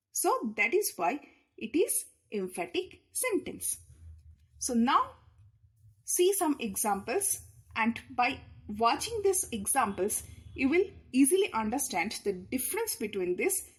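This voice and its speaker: A woman explains grammar in short, repeated phrases. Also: high-pitched. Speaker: English teacher.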